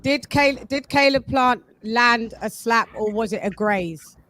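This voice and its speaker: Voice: mid-range voice, measured pace, pushed and bright, slight background noise. A host running a casual boxing panel, chatting in a playful, slangy way. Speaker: show host.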